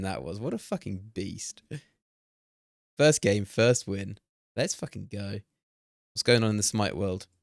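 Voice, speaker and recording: A young man streaming a game, talking excitedly, swearing and laughing at himself. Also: lowish voice, no echo, studio quality. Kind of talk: live-stream gameplay commentary.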